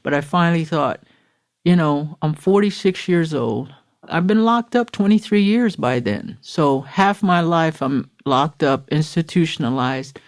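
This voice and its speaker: A woman's voice: low-pitched, unhurried. A middle-aged woman from Florida, a podcast guest, giving an earnest, emotional personal recovery testimony and acting out the quotes she retells. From Florida, USA.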